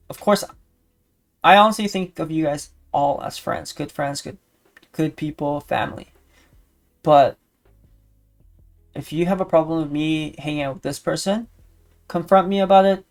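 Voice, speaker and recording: A man streamer with a hoarse, raspy voice, talking in a casual rambling vlog update. He vents with frustration, repeats his phrases, and sounds tired. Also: on the high side. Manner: tired and sleepy by the end. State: hoarse, voice worn out.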